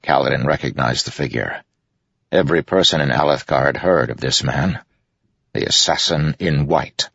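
A man reading a fantasy novel aloud in a measured, grave narration. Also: very deep voice, vocal fry, fairly bright tone, slightly rough, dry recording. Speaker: audiobook narrator. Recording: dull lo-fi audiobook recording.

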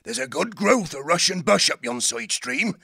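A man voicing a big, brawny male otter leader who gives bluff, hearty orders in a gravelly voice. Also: sits high, big pitch swings, moderate pace, bright, forceful tone, no room sound, clean studio sound, pitched above the performer's own voice, full character voice. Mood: urgent.

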